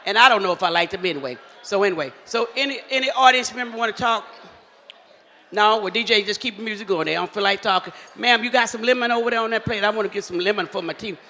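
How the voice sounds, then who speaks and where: A man, emceeing a live event with loud, teasing crowd banter on a handheld mic. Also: high-pitched, quick pace. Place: large hall at a live event. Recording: echoey hall with faint ambient noise.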